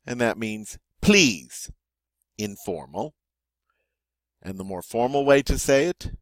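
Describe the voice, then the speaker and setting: A man's voice: on the low side, lively intonation, slow pace, no room sound, clean studio sound. A man teaching a vocabulary lesson, saying each word twice and then giving its meaning. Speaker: French teacher.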